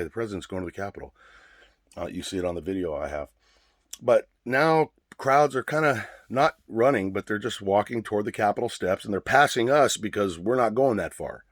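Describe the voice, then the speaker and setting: Winded, low-voiced man telling a story. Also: dry recording, studio quality. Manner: profane, rambling, conversational. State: out of breath. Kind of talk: casual storytelling.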